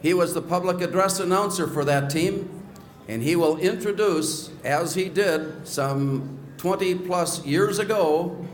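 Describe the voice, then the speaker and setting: A man's voice: high-pitched, measured pace. A man emceeing a banquet, formally introducing the next speaker. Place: banquet hall at a social event. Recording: echoey hall, faint noise.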